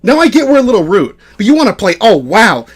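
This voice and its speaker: A man's voice: very high-pitched, very animated, very fast. A man hosting a live stream, in a furious, profane argument with a guest. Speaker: stream host.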